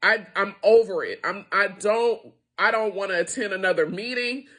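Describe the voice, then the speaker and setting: A woman's voice: medium pitch, animated, normal speed, fairly bright tone. A middle-aged woman who owns a small business, making an emotional, impassioned appeal to her viewers, frustrated and close to tears. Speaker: small business owner and founder. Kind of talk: emotional direct-to-camera appeal.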